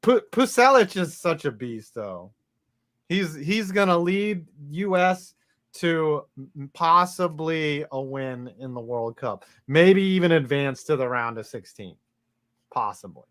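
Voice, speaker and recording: Loose, joking male podcast co-host, slightly high voice, swears freely. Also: lively intonation, takes it slowly, fairly bright tone. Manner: loose, swearing, jokey asides. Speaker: podcast co-host reading listener comments. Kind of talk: casual sports chat.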